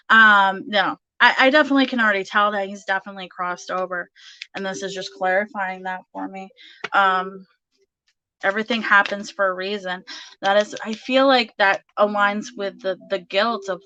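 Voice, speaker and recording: Bright-voiced chatty woman reading tarot. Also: medium pitch, rough recording. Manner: chatty, many fillers, laughs often. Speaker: tarot reader. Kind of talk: casual spoken tarot reading.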